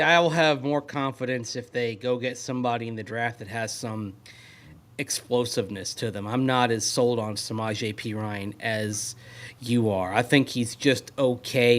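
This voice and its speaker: A man's voice: medium pitch, fairly bright tone. Skeptical man co-hosting sports radio. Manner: analytical, skeptical. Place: at a league meeting venue.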